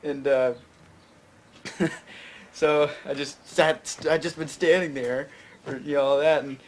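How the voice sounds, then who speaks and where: Here the same Fayette County, Tennessee filmmaker speaks in a fairly high, steady voice, taking his time. As a talk-show guest he wanders through a lengthy casual story, constantly restarting and leaning on filler words.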